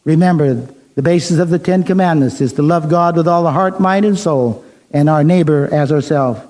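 Male preacher, mellow and fairly high, measured sermon storytelling. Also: poor audio.

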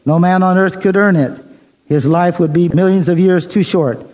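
Male preacher, mellow and fairly high, measured sermon storytelling. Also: low-quality recording.

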